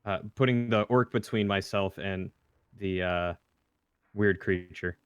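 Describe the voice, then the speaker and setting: A man's voice: deep voice, measured pace, clear, resonant tone, dry recording, highs cut off. A man playing a tabletop game, casually describing his character's actions. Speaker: player.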